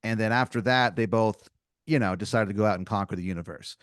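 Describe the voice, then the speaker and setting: A man improvising a strange tale for a podcast guest, loose and rambling, with lots of fillers. His voice sits on the low side and the recording is close and dry. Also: fast, no echo. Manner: rambling, filler-heavy, playful. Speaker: podcast host running an improvised story. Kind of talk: improvised storytelling.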